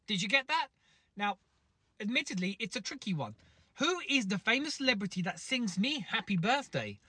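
Host, deadpan patter; bright, lively, dry close mic. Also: medium pitch, normal speed, husky, no echo. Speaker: podcast host. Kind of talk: comic podcast quiz links.

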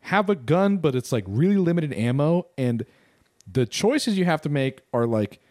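Young man, podcast co-host, lively swinging pitch, dry close sound, casual chat, swears a lot. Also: normal speed, no room sound. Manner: animated, swears freely, explains at length.

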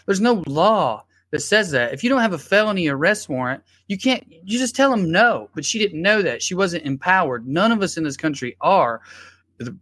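A man speaking with a bright, forceful edge and a slightly raised pitch. He talks bluntly and with passion, swearing as he makes his case. The sound is close and dry. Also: no room sound. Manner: impassioned, blunt, swears freely. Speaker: guest, former public defender. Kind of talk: podcast discussion.

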